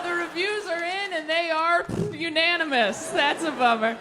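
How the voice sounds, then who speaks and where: A young woman performing a stand-up comedy set on a club stage, wry and deadpan with bursts of playful shouting. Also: high-pitched, moderate pace, hardly any pauses. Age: young adult. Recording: live comedy club with a laughing crowd and noise.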